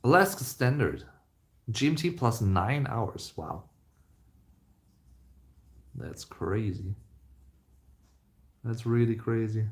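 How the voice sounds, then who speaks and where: A man's voice: on the low side, lively intonation, takes it slowly, long pauses. Chatty man live streaming. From Germany. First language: German. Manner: chatty, rambling, with many fillers and restarts. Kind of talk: casual live-stream Q&A chat.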